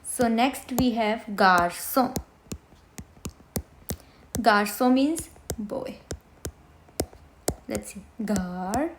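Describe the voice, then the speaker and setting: A woman teaching a beginner French lesson, who slowly repeats each word for her students. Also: fairly high pitch, noisy background. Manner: slow, repeats words for students to hear.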